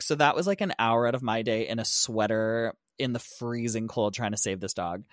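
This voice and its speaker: Young man, podcast co-host, casual storytelling, animated, swears, dry close sound. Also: medium pitch, moderate pace, no echo. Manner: animated, swearing, acts out quotes.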